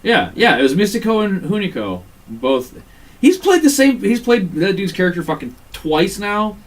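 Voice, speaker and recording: A man co-hosting a casual chat podcast, swearing freely and breaking into quick impressions as he tells stories. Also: high voice. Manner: profane, animated, mimics voices mid-story. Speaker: podcast co-host. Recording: distant mic, faint room noise.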